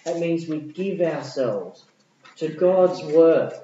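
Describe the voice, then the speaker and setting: A man preaching a sermon, swinging between loud exclamations and hushed asides. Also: fairly high pitch, animated, takes it slowly, a little hiss or hum. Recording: dull echoey room recording.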